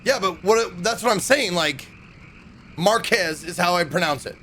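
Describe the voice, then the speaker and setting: A man's voice: high voice, a little slow, fairly bright tone, slight background noise. A young man casually commenting on a game while playing and reading its on-screen text aloud to viewers. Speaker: game streamer. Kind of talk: casual let's-play commentary.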